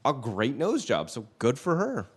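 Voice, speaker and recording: A man's voice: medium pitch, wildly swooping pitch, unhurried, slightly rough. A man co-hosting a podcast, chatting casually about celebrity news, swearing now and then. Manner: chatty, swears casually, reads statements aloud. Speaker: podcast co-host.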